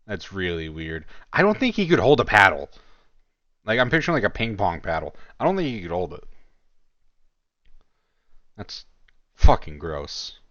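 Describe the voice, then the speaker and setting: A man's voice: fairly low pitch, big pitch swings, normal speed, pauses often, fairly bright tone, no room sound, dull audio. A man giving casual commentary on a chat log, mocking and incredulous, and swearing freely.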